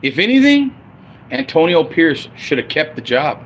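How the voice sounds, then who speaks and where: A man ranting on a livestream about his football team, profane and heated, swinging between loud outbursts and low grumbling. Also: sing-song, moderate pace, slight background noise. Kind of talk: angry unscripted livestream rant.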